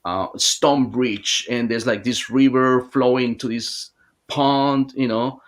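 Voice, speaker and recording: A man's voice: medium pitch, fairly even intonation. Rambling man telling a long story. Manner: rambling, halting storytelling with many restarts. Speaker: hypnotherapist guest. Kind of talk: casual interview storytelling.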